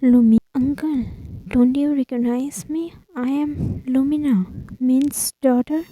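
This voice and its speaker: A woman's voice: sits high, fairly even intonation, takes it slowly, mellow, no echo, low-quality recording. A woman reading an anxious young student.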